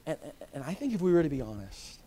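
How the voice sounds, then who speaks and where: A man preaching a sermon, swinging from hushed, intimate lines to impassioned near-shouting. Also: on the high side, sing-song, fast, a little hiss or hum. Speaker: pastor. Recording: long reverb of a large hall.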